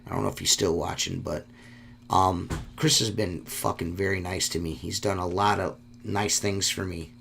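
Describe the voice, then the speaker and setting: A man's voice: sits low, steady tone, moderate pace, creaky, a bit bright, slight background noise. A man hosting a solo podcast, talking in a rambling, heartfelt way and swearing often. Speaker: podcast host.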